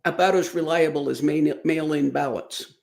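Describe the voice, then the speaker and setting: A man's voice: a little high, fairly even intonation, normal speed, creaky, darkish tone. A man co-hosting a casual political talk show, adding dry wisecracking asides.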